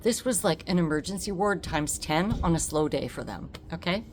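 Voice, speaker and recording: A woman telling a personal story to camera, animated and emphatic, acting out the dialogue and repeating words for effect. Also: on the low side, normal speed, slight background noise. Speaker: vlogger.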